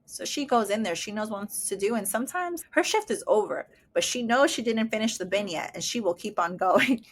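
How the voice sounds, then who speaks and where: A woman's voice: medium pitch, lively intonation, brisk. A middle-aged woman hosting a personal podcast as a mother, talking casually, emotionally and with enthusiasm. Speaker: podcast host, parent of a disabled daughter.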